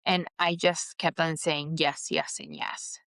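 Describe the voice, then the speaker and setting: A woman's voice: low voice, sing-song, measured pace, a bit bright, no room sound. A middle-aged woman hosting a podcast, telling a personal story candidly and with feeling. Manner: candid, emotional, reenacts her own outbursts. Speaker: podcast host.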